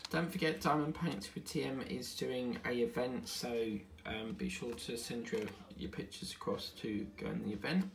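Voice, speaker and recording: At home crafting, a tired diamond painting channel host yawns, hums and rambles casually from topic to topic. His medium-pitched voice with vocal fry stays fairly even at normal speed with few pauses, and there's a little hiss or hum.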